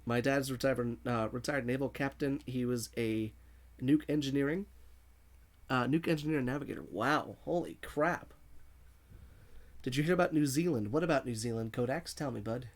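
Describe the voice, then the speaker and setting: A man's voice: medium pitch, normal speed. Chatty male gaming streamer. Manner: chatty, reads viewer messages aloud and laughs often. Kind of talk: casual livestream commentary.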